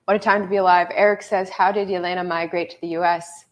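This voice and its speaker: A woman's voice: lowish voice, little pitch movement, fast. Blunt joking woman hosting a livestream. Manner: blunt, joking, laughs often. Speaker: host. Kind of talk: casual livestream chat.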